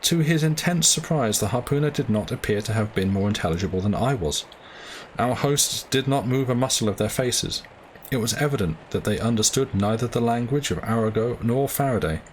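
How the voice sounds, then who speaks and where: Give me a man with a mid-pitched voice reading a classic novel aloud, steady and measured. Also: a little hiss or hum, rough recording. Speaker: reader of a novel.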